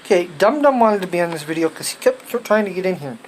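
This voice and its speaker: A woman's voice: fairly low pitch, expressive, fast, a little hiss or hum. A woman chatting casually at home for a family vlog, rambling and joking as she goes. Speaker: family vlogger.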